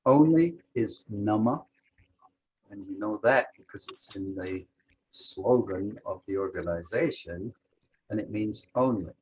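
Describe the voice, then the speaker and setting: A man's voice: on the low side, a little slow, darkish tone, slightly rough, rough recording. A man teaching a language lesson over a video call, methodically walking through example sentences step by step.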